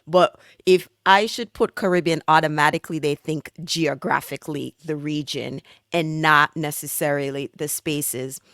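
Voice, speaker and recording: A woman's voice: sits low, steady tone, moderate pace, hardly any pauses, fairly bright tone, dry recording, clean studio sound. A woman from Jamaica, hosting a casual interview and asking open, conversational questions. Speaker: podcast host.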